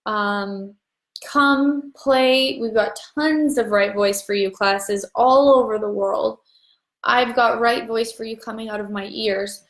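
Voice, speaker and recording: Woman voice coach hyping up her people online, kinda high, swears casually, echoey room. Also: steady tone, slow pace. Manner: chatty, upbeat, rambling, with casual swearing. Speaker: voice class facilitator. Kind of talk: casual motivational talk to an online audience.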